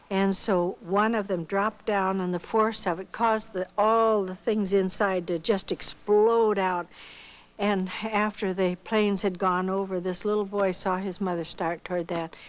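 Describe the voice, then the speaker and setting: A woman's voice: fairly low pitch, rough recording. Older woman telling a vivid personal story. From Iowa, United States. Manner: animated storyteller who acts out quoted dialogue. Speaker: missionary giving her testimony. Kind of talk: storytelling testimony.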